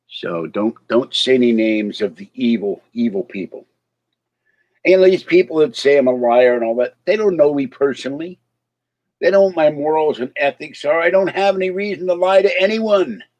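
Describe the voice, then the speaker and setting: Man, casual livestream chat, slight slur, mid-pitched voice, dull lo-fi sound. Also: a little mellow. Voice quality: slight slur from missing teeth. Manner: rambling, chuckling asides to chat. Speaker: livestream host.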